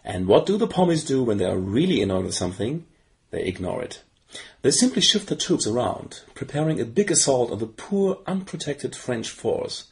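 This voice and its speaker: A man's voice: mid-range voice, very animated, moderate pace, creaky. Teasing, mock-dramatic game narrator man. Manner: mock-dramatic, teasing, drops in French phrases. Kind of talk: playful recap narration.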